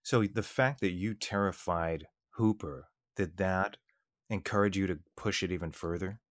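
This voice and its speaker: A man's voice: deep voice, moderate pace, dry recording, clean studio sound. A man hosting an interview podcast, asking long, thoughtful questions that search for the right words. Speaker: podcast host.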